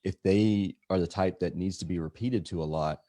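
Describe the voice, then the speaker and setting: A male podcast host with a very low voice, recorded dry and close. He feels his way through his questions in a hesitant, halting manner. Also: dark tone, dry recording. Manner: halting, searching for words. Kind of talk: casual interview talk.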